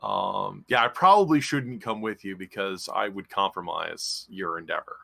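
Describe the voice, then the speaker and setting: A man's voice: low voice, normal speed, gravelly, fairly bright tone, no room sound. A man playing a tabletop game who muses reluctantly as he talks. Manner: reluctant, musing. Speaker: player. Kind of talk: casual tabletop play.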